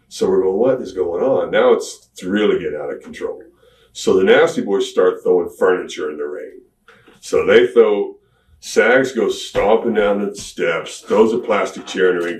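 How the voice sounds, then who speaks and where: A middle-aged man, a retired pro wrestler, telling stories in a candid sit-down interview, acting out what people said. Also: deep voice. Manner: drawling, animated retelling with acted-out quotes. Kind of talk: shoot interview, candid storytelling. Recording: roomy, distant mic with faint ambience.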